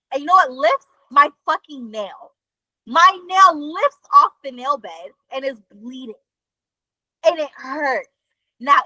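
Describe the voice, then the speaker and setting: A woman co-host tells a story in loose, casual chat. Her voice is bright and the sound is dry and close. She talks in an animated way, with lots of fillers and swearing. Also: high-pitched, no echo, low-quality recording. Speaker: podcast co-host.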